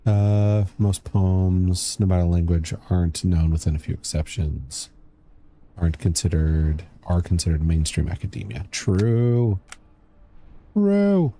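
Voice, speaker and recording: A man's voice: deep voice, measured pace, mellow, slight background noise. A young man streaming a game, chatting casually, reading chat aloud and muttering as he plays. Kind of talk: casual gameplay commentary.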